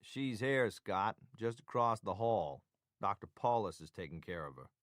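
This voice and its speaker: A man's voice: lowish voice, animated, measured pace, no echo, clean studio sound. A man voicing a joking male doctor with a Texas drawl, teasing an old friend. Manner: teasing, wisecracking.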